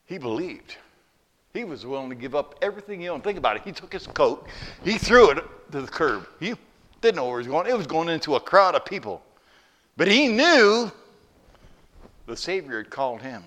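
A man preaching a sermon and telling a story, moving between hushed, quiet lines and loud, emphatic ones. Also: fairly high pitch, normal speed. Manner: animated, swings from hushed to loud. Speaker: pastor.

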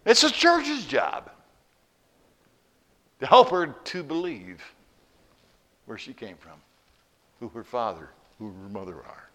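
A man's voice: medium pitch, big pitch swings, slow, pauses often, a bit bright, heavily acted. A man voicing a nervous new father who answers bluntly and with exasperation. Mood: earnest.

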